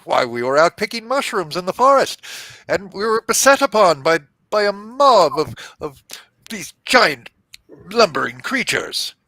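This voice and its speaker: A small male fey creature pleads his innocence in a high, quick, stammering voice, with a man acting him out. His voice is gravelly and bright, with sharp jumps in pitch. Recorded dry, close to the mic. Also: big pitch swings, no room sound, exaggerated voice, poor audio. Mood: indignant.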